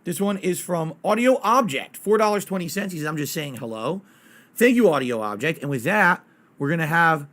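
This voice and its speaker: A man's voice: on the high side, lively intonation, a little fast, fairly bright tone. A man streaming games live, chatting casually and ranting bluntly with plenty of swearing. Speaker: game streamer.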